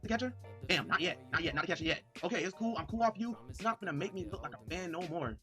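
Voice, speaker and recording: A man livestreaming, excitedly reading messages aloud and talking straight to his chat. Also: sits high, quick pace, faint music behind. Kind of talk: livestream commentary.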